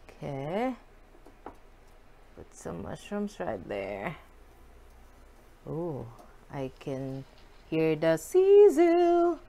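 Slow-talking excitable woman cooking. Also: low voice, gravelly. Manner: excitable, giggly, addresses viewers as guys. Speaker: cooking vlogger. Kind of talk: casual cooking chat to viewers. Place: home kitchen.

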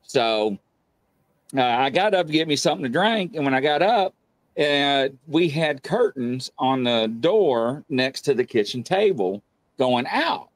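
Lively man telling a ghost story. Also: mid-range voice, unhurried, no room sound. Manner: animated, acts out quotes loudly. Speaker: guest telling paranormal experiences. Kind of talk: casual storytelling.

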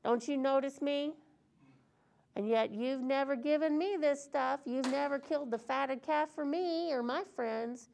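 A woman's voice: high voice, unhurried, gravelly, darkish tone, pitched above the performer's own voice. A woman voicing a bitter, self-righteous older brother, complaining indignantly to his father in a sermon retelling. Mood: whiny.

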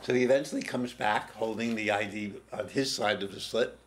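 An older man being interviewed in a TV studio, slowly telling a personal story with pauses and restarts. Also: fairly low pitch, slight background noise. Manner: slow, halting, with pauses and restarts. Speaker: interview guest, former prison teacher. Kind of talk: reflective storytelling.

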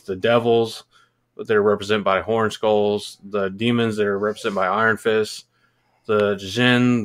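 A man co-hosting a podcast in casual chat, rambling and explaining with casual swearing. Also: lowish voice. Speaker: podcast co-host.

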